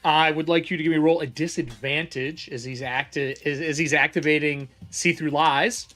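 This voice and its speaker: A man running a tabletop game as game master, quick and businesslike when he calls for rolls. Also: a little high, fairly even intonation, fairly bright tone.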